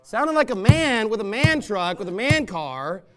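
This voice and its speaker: Man preaching a sermon, pastor, high-pitched, smooth clear tone, blunt and emphatic, scornful, loud bursts. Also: big pitch swings, moderate pace.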